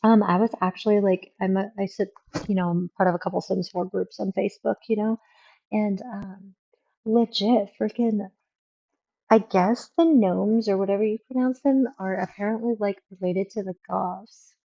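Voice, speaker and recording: A woman's voice: medium pitch, steady tone, normal speed, creaky, highs cut off. A young woman streaming a game, chatting casually and rambling with lots of fillers. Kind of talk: casual gameplay commentary.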